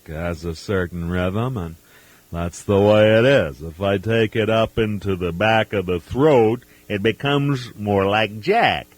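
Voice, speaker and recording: Male impressionist guest, low voice, calm and analytical, dry sound. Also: measured pace, no echo. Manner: analytical, explaining voice technique.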